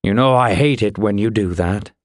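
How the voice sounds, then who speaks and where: A male narrator voicing a gruff, dry-humored older fire warrior in an audiobook. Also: fairly low pitch, normal speed, no echo, natural voice. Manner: grumbling, wry.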